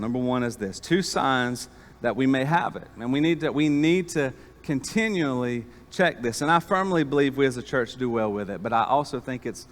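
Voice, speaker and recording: A man preaching an animated sermon as pastor, calling on the congregation to respond. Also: mid-range voice. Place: church sanctuary. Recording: long church reverb.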